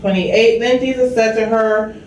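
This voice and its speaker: A woman's voice: on the high side, fairly even intonation, measured pace, darkish tone, slight background noise. A woman co-hosting, reading viewer comments and a passage aloud, with a giggly manner. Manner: giggly, reads aloud steadily. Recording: very echoey room, distant mic.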